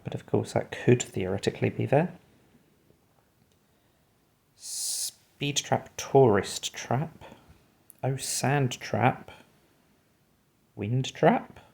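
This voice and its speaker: A man's voice: mid-range voice, gravelly, a little mellow, husky. A man hosting a puzzle video, musing and talking himself through his guesses while solving a word game.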